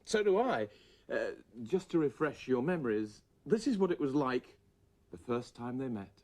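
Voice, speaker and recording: A woman presenting a children's puppet show, gently coaxing and soothing the puppets as if they were small children. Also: extremely low pitch, very animated, normal speed. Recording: old VHS tape with music and hiss.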